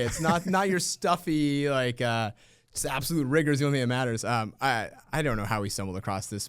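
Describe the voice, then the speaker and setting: A man in his thirties, a teacher telling a funny story in an interview, lively and laughing often. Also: medium pitch, clear, resonant tone, no echo, studio quality. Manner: animated, laughs often, acts out quoted voices.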